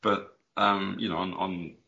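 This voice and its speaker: A man's voice: sits low, little pitch movement, measured pace, bright, forceful tone, lo-fi sound, a little hiss or hum. A man co-hosting a casual podcast chat who stumbles and repeats words as he talks. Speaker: podcast co-host.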